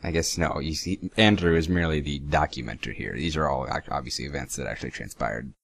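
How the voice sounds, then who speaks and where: A young man with a very low voice talks sarcastically through a reaction video. He swears casually and stumbles as he reads lines aloud. The sound is dry and close, with no room around it. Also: fast, creaky, a bit bright, slightly rough, no echo.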